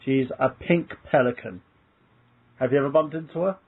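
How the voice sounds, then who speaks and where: A man's voice: mid-range voice, normal speed, slightly rough. A man chatting casually as a podcast host, looking things up while he talks. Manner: chatty, browses a wiki while talking. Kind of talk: casual group chat. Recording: phone-like call audio.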